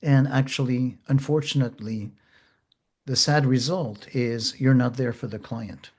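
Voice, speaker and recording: A man teaching therapists in a slow, gentle, measured way, pausing often. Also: mid-range voice, steady tone. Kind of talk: reflective teaching talk.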